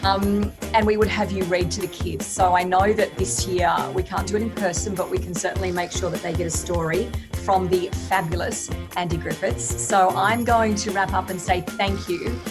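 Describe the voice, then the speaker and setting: A woman's voice: mid-range voice, fairly even intonation, moderate pace, hardly any pauses, over music. A woman hosting an online fundraiser, chatting in a bubbly, friendly way from her lounge at home. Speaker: fundraiser host. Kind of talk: casual on-air interview.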